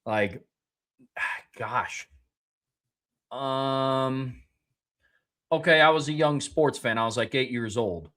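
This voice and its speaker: A young adult man co-hosting a casual sports podcast, relaxed and easygoing as he tells childhood anecdotes. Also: mid-range voice, slow, long pauses. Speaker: podcast co-host.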